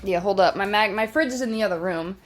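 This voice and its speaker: At home, a young woman vlogger talks quickly in a medium-pitched voice, spinning a meandering storytime. She curses offhandedly and leans heavily on "like" and "bruh."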